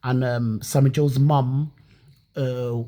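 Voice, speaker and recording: A woman's voice: rumbling low, steady tone, slow, mellow. A woman from Leeds telling her own story casually and animatedly, with many restarts and some swearing. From Leeds, England.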